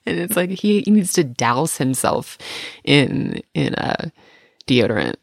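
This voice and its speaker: Creaky-voiced woman telling animated stories. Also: low voice, normal speed, dry recording, clean studio sound. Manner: animated storyteller, laughs often. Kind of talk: casual chat.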